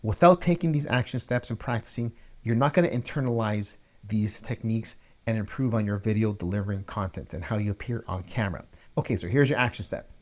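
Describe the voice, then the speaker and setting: Energetic man coaching on camera. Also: lowish voice, fairly quick. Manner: energetic, emphatic, stresses key words. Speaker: video coaching host. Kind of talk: energetic instructional talk.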